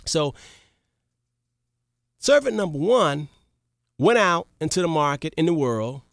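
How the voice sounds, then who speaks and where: A radio talk show host retelling a parable to listeners, animated and repetitive, checking in with the audience. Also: medium pitch, slow, no room sound, studio quality.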